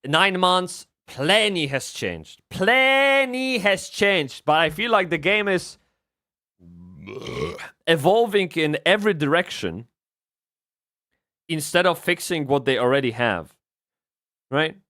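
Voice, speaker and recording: A man streaming a game live, rambling and swearing as he swings from excited yelling to low muttering. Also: slow, long pauses. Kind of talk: live gameplay commentary.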